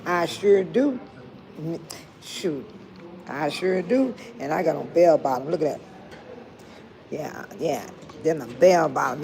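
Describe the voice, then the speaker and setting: A woman's voice: low voice, expressive, slow pace, gravelly, long pauses, noisy background. An older retired woman chatting casually with viewers on a phone livestream, laughing often and talking straight to them. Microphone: phone held close to the face.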